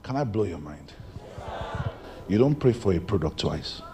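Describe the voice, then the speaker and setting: A male pastor, preaching a sermon and moving between shouted lines and hushed ones. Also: deep voice, very animated, normal speed, creaky, crowd noise, noisy background. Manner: preaching with big swings from shouts to near-whispers.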